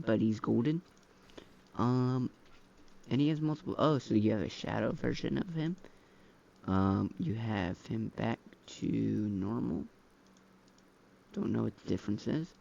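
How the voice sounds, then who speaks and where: A man narrates a game-mod review in loose, slangy commentary full of fillers. His voice has a gravelly fry at a middle pitch. The recording sounds dull and lo-fi. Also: lively intonation, a little slow, long pauses, a little mellow. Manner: rambling, filler-heavy, slangy. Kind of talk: casual gameplay commentary. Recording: dull lo-fi mic.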